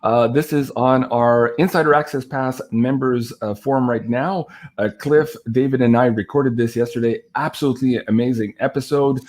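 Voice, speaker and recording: A man's voice: medium pitch, fairly even intonation, moderate pace, hardly any pauses, a little mellow. French Canadian man hosting a livestream. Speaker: livestream host. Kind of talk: casual chat on a livestream.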